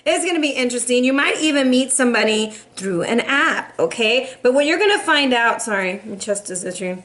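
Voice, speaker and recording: Woman, young adult, high-pitched, casual tarot reading, animated, sassy. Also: fairly quick. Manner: animated and sassy, laughs often, playful. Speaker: tarot reader.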